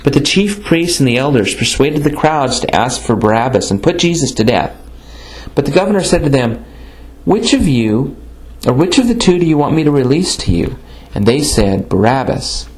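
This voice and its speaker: A man reading scripture aloud in a steady, plain manner, now and then stumbling over a word and correcting himself. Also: mid-range voice, moderate pace, low-quality recording.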